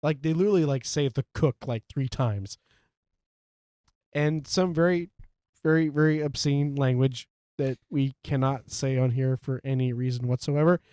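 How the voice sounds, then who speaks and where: A man's voice: medium pitch, normal speed, dark tone, smooth, dry recording, clean studio sound. A man co-hosting a podcast, chatting casually about a film and rambling with lots of fillers. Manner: rambling, leans heavily on "like" and fillers. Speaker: podcast co-host.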